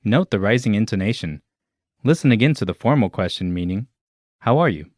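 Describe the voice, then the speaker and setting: A man with a very low voice reads a scripted language lesson in a clear, measured, instructional way. The recording is dry and close, with no room sound. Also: lively intonation, darkish tone, no room sound. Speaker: lesson narrator.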